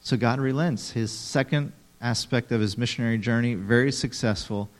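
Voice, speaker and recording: Male preacher, mid-range voice, animated teaching style with dramatic read-alouds and asides to listeners. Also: mid-range voice, normal speed. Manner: animated, acts out quotes dramatically, talks to audience members. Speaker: pastor. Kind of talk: sermon.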